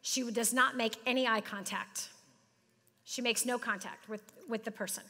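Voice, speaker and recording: A middle-aged woman giving an animated, joking seminar talk to a live audience, speaking straight to the crowd. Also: fairly high pitch, normal speed, long reverb tail. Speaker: business speaker. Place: large hall with audience.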